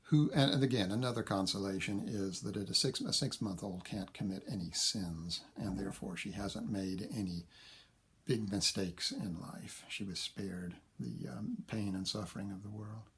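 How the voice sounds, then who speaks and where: A man lectures on poetry in a low, gravelly voice, pausing on fillers and correcting himself as he goes. He reads verse slowly and tapping out its meter. A faint hiss sits under the recording. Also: a bit bright. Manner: thinking aloud, frequent fillers and self-corrections. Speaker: literature lecturer.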